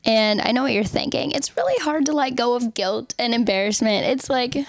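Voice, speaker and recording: A woman's voice: on the high side, animated, fairly quick, no room sound, clean studio sound. A young woman hosting a podcast, talking casually and candidly about self-help, swearing freely and laughing often. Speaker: podcast host.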